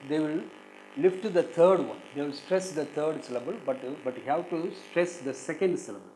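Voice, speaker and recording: Indian English teacher drilling word stress. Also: male voice, fairly high pitch, animated, fairly quick, darkish tone, slight background noise, poor audio. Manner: drills words by repeating them several times, stressing syllables. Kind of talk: recorded exam-prep lesson.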